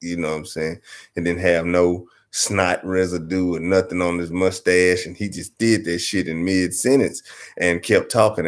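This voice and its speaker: A man from Arkansas with a Southern US accent, telling a comic story in a loose, profane, rambling way. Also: low voice. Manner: loose, profane, rambling, constantly asks "you know what I'm saying". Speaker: storyteller host.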